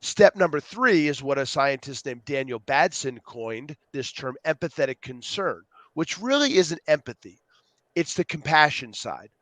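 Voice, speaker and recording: An animated man guesting on a podcast, sliding into playful voices as he acts out what people say. His voice sits a little high for a man, and the sound is close and dry, with no room around it. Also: normal speed, no room sound. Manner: animated storyteller, acts out quotes. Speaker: guest, youth program co-founder. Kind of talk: podcast interview.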